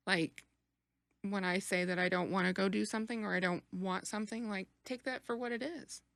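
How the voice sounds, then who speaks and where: A woman chats casually on a podcast with a bright, gravelly voice. She states her views firmly and often chimes in to agree. The sound is close and dry. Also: medium pitch, fairly even intonation, a little fast, no echo. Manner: firm, agreeable, frequent affirmations. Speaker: podcast guest. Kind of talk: casual chat.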